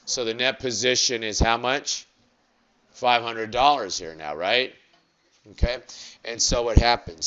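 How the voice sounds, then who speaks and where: A man teaching an accounting lecture, asking the class quick rhetorical questions and stretching out key words. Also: lowish voice, a bit bright, lo-fi sound.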